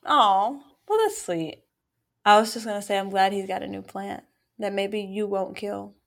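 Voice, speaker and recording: A woman co-hosting a podcast in casual chat, measured and reflective, drawing out her phrases. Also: medium pitch, lively intonation, creaky. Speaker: podcast co-host.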